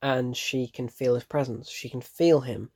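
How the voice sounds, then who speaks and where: A man's voice: mid-range voice, measured pace, breathy edge. Jittery man gushing about a film. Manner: animated, openly frightened, breaks off mid-thought. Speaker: film reviewer. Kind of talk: casual spoken film review.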